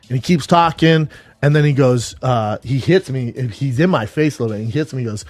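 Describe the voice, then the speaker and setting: A man telling a casual podcast anecdote, acting out the quoted lines in a lively way. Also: mid-range voice, fairly quick, no echo, soft background music. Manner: lively, acts out quoted lines in different voices. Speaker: podcast storyteller.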